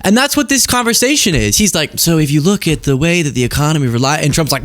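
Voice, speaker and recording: A man's voice: on the high side, big pitch swings, fast, a bit bright. A man hosting a political commentary show, talking casually and sarcastically, acting out exaggerated voices.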